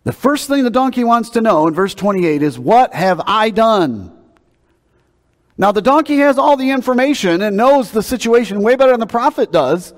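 A man's voice: very high voice, lively intonation, brisk, hardly any pauses. A man preaching a sermon in a conversational, emphatic way, often repeating words as he builds a point. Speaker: pastor. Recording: long hall reverb.

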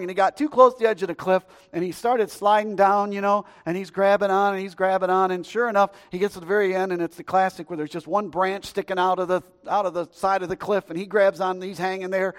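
A man preaching a sermon, telling stories in a lively, conversational way with jokes aimed at the congregation. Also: high voice, big-room sound. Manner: storytelling, lively and conversational, joking aside to the congregation. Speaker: pastor.

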